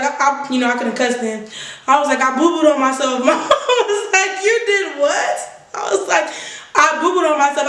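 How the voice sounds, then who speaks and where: A woman vlogger telling a funny personal story in a casual, animated way, laughing and swearing as she goes. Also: high voice. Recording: roomy echo from a distance.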